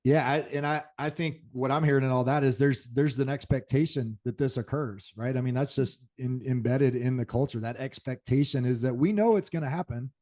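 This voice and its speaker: A man's voice: medium pitch, brisk, hardly any pauses, mellow. A man hosting a discussion panel, affirming and reflecting back what guests say. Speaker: host.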